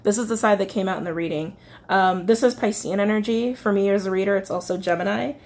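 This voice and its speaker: A woman's voice: medium pitch, fast talker, darkish tone. A woman giving a casual tarot reading to her viewers, chatty and rambling, with many fillers and self-corrections, getting emotional as she talks. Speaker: tarot reader.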